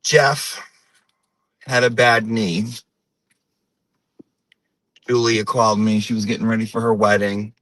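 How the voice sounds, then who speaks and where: A man's voice: on the low side, little pitch movement, a bit bright, no echo, poor audio. A man playing a chatty, rambling middle-aged mom in a comedic character monologue. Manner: rambling, gossipy, drawn-out. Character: chatty middle-aged Portuguese-American mom on her morning drive.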